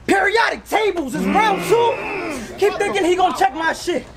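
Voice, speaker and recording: A man from Florida performing in a rap battle, taunting his opponent in punchy bars with shouted bursts. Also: very high-pitched, lively intonation, moderate pace, vocal fry. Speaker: battle rapper. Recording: noisy live event with crowd ambience.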